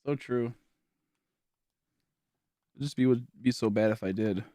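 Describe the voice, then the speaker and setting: A man's voice: medium pitch, unhurried, warm tone, no echo, studio quality. A tired young man streaming from home, chatting casually with viewers in a rambling, filler-heavy way as he thinks aloud. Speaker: game streamer. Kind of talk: casual livestream chat to viewers. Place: at home, indoors.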